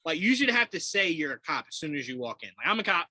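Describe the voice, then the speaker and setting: A man co-hosting a podcast in casual chat, animated and laughing often as he acts out quotes. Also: a little high, quick pace, no room sound, low-quality recording. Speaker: podcast co-host.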